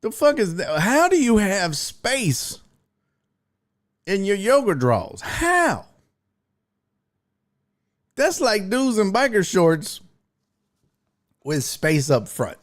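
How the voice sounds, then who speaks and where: Male stream host, casual and profane, lively pitch swings. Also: slow, pauses often. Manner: profane, laughing, animated riffing. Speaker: sports talk show host reading chat. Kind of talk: casual live-stream chat.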